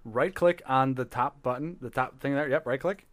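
A young man co-hosting a podcast in casual banter, playful and teasing, quick to laugh. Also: mid-range voice, no echo. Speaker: podcast co-host.

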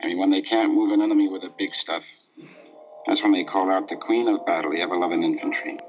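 An actor playing a war-weary American infantry soldier in a grim, muttering 1960s TV drama style. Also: male voice, sits low, fairly even intonation, quick pace, background noise, natural voice. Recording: dull old TV soundtrack with music.

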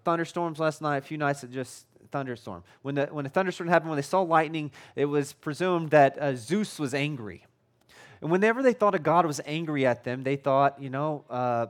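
A man preaching in a relaxed, chatty way, stumbling over restarts and doubling his words as he works through a point. His voice sits a bit higher than most men's. His tone can sound loud, even angry, when he isn't. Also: fairly quick. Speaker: pastor. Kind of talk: conversational sermon.

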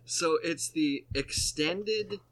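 A man's voice: on the high side, very slow, a bit bright. A man hosting a casual comedy chat, rambling and joking, often acting out the people he talks about. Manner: rambling, jokey, acts out quoted voices.

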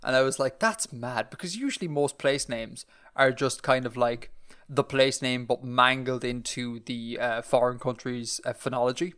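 A man's voice: medium pitch, fairly even intonation, moderate pace, fairly bright tone, clean tone. A man with an Irish accent co-hosting a podcast, rambling and self-deprecating as he chats. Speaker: podcast co-host. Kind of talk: casual chat.

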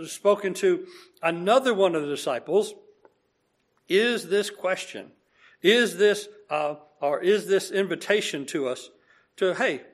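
A man preaching a sermon in a conversational way, acting out quoted dialogue, with frequent fillers and restarts. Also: on the high side.

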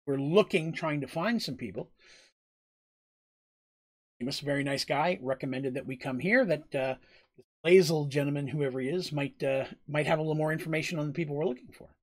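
A man's voice: a little high, fast. A man running a tabletop game as game master, narrating in a casual, rambling way and often correcting himself mid-sentence.

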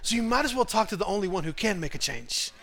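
A male pastor preaching a sermon to a congregation in an animated, humorous, conversational way. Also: sits high, quick pace. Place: church in front of a congregation.

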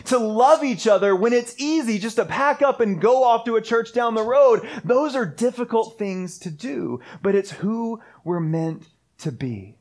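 A man preaching a sermon as pastor, earnest, building points through repeated phrases. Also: high-pitched. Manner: earnest, repetitive preaching cadence.

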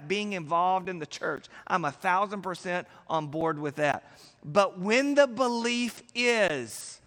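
A man with a high voice preaches a sermon, talking to the room like a conversation and jumping into quick acted-out voices. His lines ring out with the long reverb of a large hall. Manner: animated preaching, acting out voices with big swings in pitch and loudness. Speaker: pastor.

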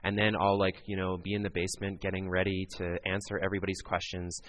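A man's voice: low voice, flat delivery, fast. A man preaching a sermon in an earnest, conversational way, talking directly to his listeners. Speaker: pastor.

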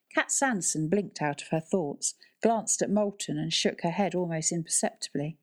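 A woman narrates a novel chapter in a calm, even voice. Her tone sits slightly low and steady. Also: normal speed, hardly any pauses. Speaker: audiobook narrator. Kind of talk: scripted narration.

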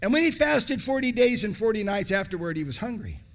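A high-voiced male preacher with a gravelly rasp, delivering a sermon in a lively, sing-song rise and fall. He repeats phrases for emphasis, swinging from loud raised bursts down to hushed, drawn-out words.

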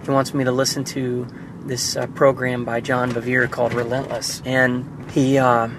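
A man's voice: mid-range voice, flat delivery, moderate pace, background noise. Earnest, emotional man recording a video diary. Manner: earnest, emotional, sighs often. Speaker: father.

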